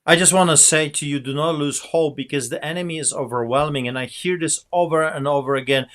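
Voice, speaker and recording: Pastor guy preaching hard, voice on the high side, rousing. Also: a little fast, hardly any pauses, fairly bright tone. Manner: fervent, rousing, biblical exhortation. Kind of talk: preaching to an online audience.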